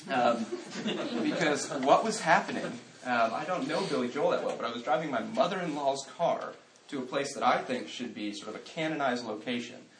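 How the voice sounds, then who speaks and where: A man gives a conversational Christian talk to an audience, swinging between playful asides and hushed, earnest reflection. His voice sits at an ordinary middle pitch. The sound is roomy and picked up from some distance, with a faint ambient hum behind it. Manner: humorous, shifting into quiet earnest reflection. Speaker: speaker giving a Christian talk.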